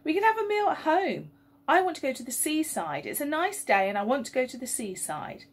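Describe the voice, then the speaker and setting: Woman doing a whiny high schoolgirl. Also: big pitch swings, a little fast.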